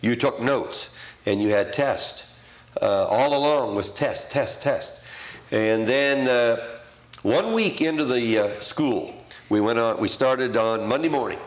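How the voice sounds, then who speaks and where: An older man who worked as an auctioneer looks back on his career during an interview, speaking slowly in a mid-range voice. He talks plainly and hesitantly, and the recording has a roomy echo.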